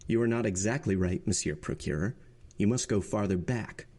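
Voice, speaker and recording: A man voicing a cold, calm, vengeful nobleman in disguise in a storybook reading, speaking in a measured, solemn way. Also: fairly low pitch, lightly acted.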